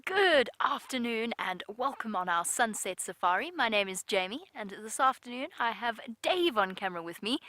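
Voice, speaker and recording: A woman's voice: mid-range voice, bright, forceful tone, no echo. A woman presenting a live safari drive from an open vehicle, chatty, upbeat and playful.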